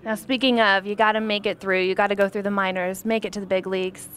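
A woman's voice: medium pitch, little pitch movement, quick pace, a bit bright, clean tone. A woman sports reporter conducting an interview, asking upbeat prompting questions. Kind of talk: sideline interview.

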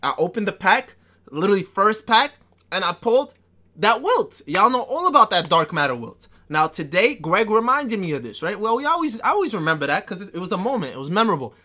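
A man streaming a basketball video game live, talking fast and loose to his chat, excitable and quick to yell or laugh. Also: high voice. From New York. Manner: excitable, trash-talking, bursts into yelling and laughter. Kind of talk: live gameplay commentary.

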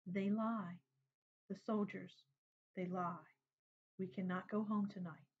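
A woman reading aloud, voicing a weary father who speaks softly and sadly to his small daughter. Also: medium pitch, steady tone, normal speed, muffled recording, close to an everyday voice. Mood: sad, gentle. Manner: soft, sad. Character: weary gentle father, sad and patient.

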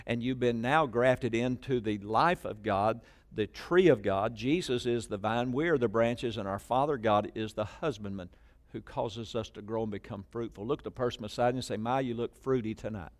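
A man preaching a sermon to a congregation, calling out lines for them to repeat, moving between loud emphatic bursts and quiet asides. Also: medium pitch, normal speed. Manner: call-and-response preaching, prompting the congregation to repeat. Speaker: pastor. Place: church sanctuary with congregation.

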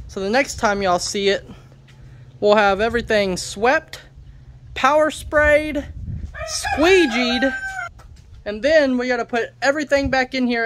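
A man's voice: extremely high pitch, noisy background. A man hosting a casual farm vlog, upbeat and joking, who repeats words for emphasis. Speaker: homestead vlogger.

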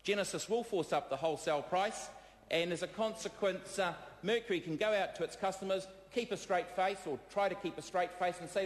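A man with a New Zealand accent giving a parliamentary debate speech, combative and halting, with many fillers, repeated phrases and replies to hecklers. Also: high-pitched. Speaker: member of parliament. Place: debating chamber. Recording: echoey chamber with long reverb.

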